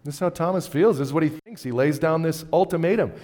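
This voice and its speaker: A man preaching a sermon, moving between loud, emphatic lines and quiet, low ones. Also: fast talker. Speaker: pastor. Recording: long hall reverb.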